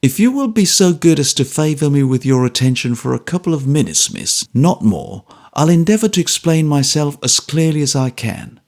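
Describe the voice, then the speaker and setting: A man's voice: a little high, animated, normal speed, few pauses, darkish tone. A man reading an audiobook and voicing a bluff, good-humoured former soldier who speaks steadily, politely and stubbornly. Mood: firm, polite.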